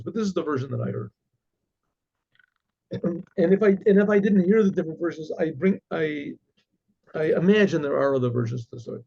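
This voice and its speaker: A man, a rabbi, telling a story in a halting way, with restarts and frequent throat clearing. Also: fairly high pitch, mellow, muffled recording. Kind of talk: oral storytelling.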